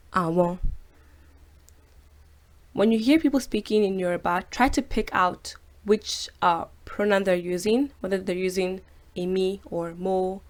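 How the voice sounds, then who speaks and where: Woman teaching pronouns, slow and repeated. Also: fairly low pitch. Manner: slows down and repeats each word to model pronunciation; chatty, with fillers. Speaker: language teacher and host. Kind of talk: casual video lesson.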